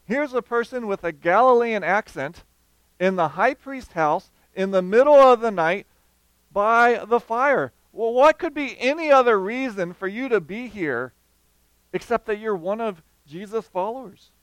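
Man preaching with a smooth, high voice. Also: measured pace, dry recording, low-quality recording. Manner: animated storytelling, acting out quoted voices. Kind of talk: sermon.

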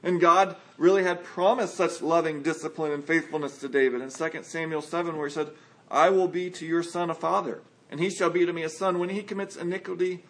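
A man preaching a sermon earnestly, acting out quotes from scripture. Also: on the high side. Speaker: pastor.

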